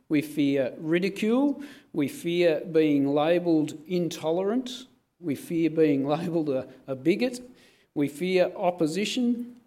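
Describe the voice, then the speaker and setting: A man preaching in an earnest, measured way as a pastor. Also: fairly high pitch, dark tone. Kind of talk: sermon.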